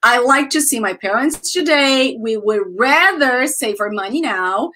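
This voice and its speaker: Casting: bright-voiced woman, Brazilian accent, enthusiastic online English teacher, calls students guys. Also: fairly high pitch, lively intonation, a little slow. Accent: Brazilian Portuguese. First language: Portuguese. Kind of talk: online grammar lesson.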